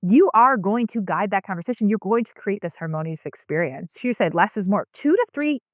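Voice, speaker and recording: Woman podcast guest, emphatic and upbeat, mid pitch, dry close mic. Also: fairly quick, dry recording. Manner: energetic, emphatic, animated. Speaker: presentation design expert, guest. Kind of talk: podcast interview.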